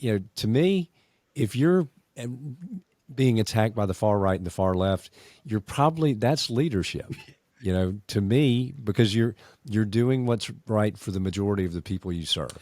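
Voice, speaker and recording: A man from the United States hosting a podcast, his voice sitting low. He chats in an easy, unhurried way, full of small fillers. The sound is dry and close, with no room around it. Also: no echo. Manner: relaxed, conversational, with frequent fillers. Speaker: podcast host. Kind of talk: casual interview conversation.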